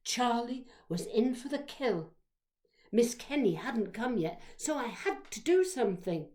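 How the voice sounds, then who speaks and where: A woman storyteller reading a childhood memoir aloud, expressive, shifting between hushed whispers and loud exclamations. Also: a little high, unhurried.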